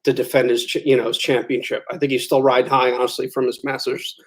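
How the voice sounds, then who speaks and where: A man co-hosting a casual sports talk show as a golf pro, relaxed and a little hesitant. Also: medium pitch, fast talker. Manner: relaxed, hesitant, many fillers.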